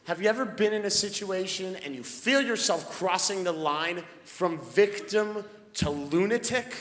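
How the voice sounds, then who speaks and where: A man telling stand-up stories, swinging from low muttering to yelling rants. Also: unhurried. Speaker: stand-up comedian. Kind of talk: stand-up storytelling. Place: live comedy stage in a hall. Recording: echoey hall with background noise.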